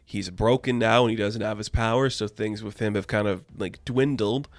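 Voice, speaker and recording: A man's voice: fairly low pitch, steady tone, moderate pace, dry recording, studio quality. A man recapping and reviewing a comic book issue in a loose, rambling way, full of "like" fillers. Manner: rambling, heavy use of "like" fillers.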